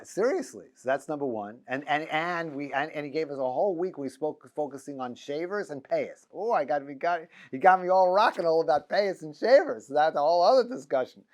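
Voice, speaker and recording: A middle-aged man, a rabbi teaching a class, talking in a loose, joking way, full of restarts and stammers. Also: fairly high pitch. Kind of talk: informal lecture. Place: classroom with students.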